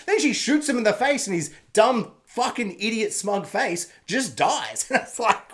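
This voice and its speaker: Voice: medium pitch, normal speed, few pauses. A film reviewer ranting through a spoiler recap, sarcastic and swearing freely. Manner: animated, sarcastic, swears freely, laughs often.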